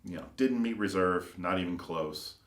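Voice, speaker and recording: A man's voice: sits low, moderate pace, a bit bright. A man who builds custom cars tells casual, rambling anecdotes full of fillers and acted-out quotes. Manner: rambling, filler-heavy, acts out quoted voices. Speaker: custom car builder and shop owner. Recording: roomy echo.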